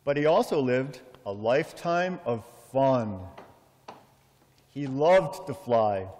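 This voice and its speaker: A middle-aged man giving a heartfelt funeral eulogy for his father, measured and full of storytelling pauses. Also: medium pitch, darkish tone. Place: memorial service in a large hall. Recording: long hall reverb.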